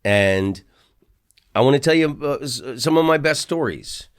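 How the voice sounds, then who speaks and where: Lively middle-aged American man rambling. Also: mid-range voice, a little slow, clear, resonant tone. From United States. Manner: rambling, animated, with asides and restarts. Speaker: podcast host. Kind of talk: casual storytelling monologue. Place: hotel room.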